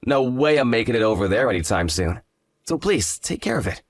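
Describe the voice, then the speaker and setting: Male actor, arrogant hungover fiancé, condescending drawl, lively intonation. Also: medium pitch, a little fast, dry recording. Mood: dismissive. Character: smug hungover young fiancé, arrogant and dismissive. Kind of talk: dramatized story voice acting.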